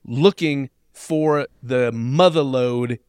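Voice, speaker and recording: A man's voice: mid-range voice, slow, darkish tone, smooth, dry recording, studio quality. A man co-hosting a podcast, telling a true story in a wry, conversational way with plenty of fillers. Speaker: podcast co-host. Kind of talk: casual storytelling podcast chat.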